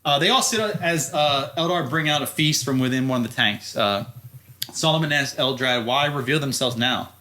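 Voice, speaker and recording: A man of medium pitch speaks at a moderate pace with a bright, forceful tone, with a little hiss or hum in the audio. As a podcast co-host, he recaps a story in loose, profane chat full of frequent laughs.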